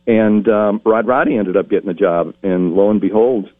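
A man's voice: lowish voice, normal speed, dry recording. A middle-aged man, a game show announcer, telling stories in an interview and acting out the voices he quotes. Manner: animated storyteller acting out quotes. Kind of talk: storytelling interview. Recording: tinny phone-like line.

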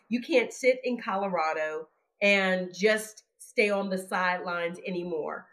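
A woman, a former police chief, hosting a podcast and framing interview questions with long, conversational context. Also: medium pitch.

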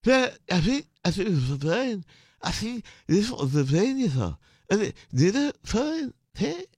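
A man's voice: sits high, big pitch swings, unhurried, a little mellow, breathy edge, dry recording, studio quality, voice pushed up, full character voice. A man imitating a toothless older man with a thick Scouse accent and a heavy lisp, mumbling so the words slur together. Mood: confused. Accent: Liverpool Scouse. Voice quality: lisping, slurred, mumbled.

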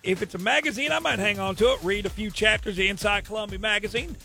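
Prank bit: a man plays a rambling, nosy retired mailman with a very high, gravelly voice. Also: fast, over loud music. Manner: rambling, hesitant, mock-aggrieved. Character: chatty nosy retired male mail carrier. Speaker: radio host pranking a caller. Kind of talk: prank phone call bit.

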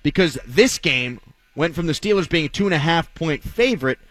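Sports radio host, male, fairly high voice with animated swings, bone-dry studio sound, blunt and sarcastic. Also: moderate pace, dry recording. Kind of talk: opinionated sports talk radio monologue.

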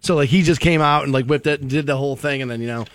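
A man hosting a morning radio show, chatting in relaxed, joking banter and saying "dude" often. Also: medium pitch, racing, dry recording. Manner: laid-back banter, says "dude" a lot. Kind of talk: casual radio chat. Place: radio studio. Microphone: studio microphone.

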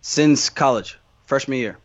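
A man's voice: medium pitch, a little slow, no room sound, lo-fi sound. A man being interviewed about his fighting career, answering in a candid, rambling way with lots of restarts.

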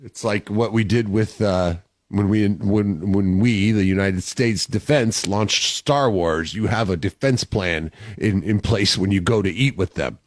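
A man's voice: fairly low pitch, a little slow, dry recording, studio quality. A man in casual banter as a co-host, blunt and grumbling, often repeating himself.

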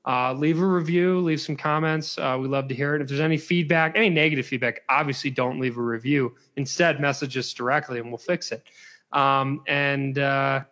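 A man's voice: medium pitch, steady tone, normal speed, fairly bright tone, slight background noise. A man co-hosting a podcast, rambling and laughing often in good-humored casual chat while plugging his coaching courses. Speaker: podcast co-host and fitness coach.

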